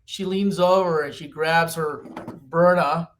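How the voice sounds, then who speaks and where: A man's voice: normal speed, a little hiss or hum. A man in his fifties, a company executive, talking animatedly as a podcast guest. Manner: animated storyteller, pitchy. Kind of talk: podcast interview.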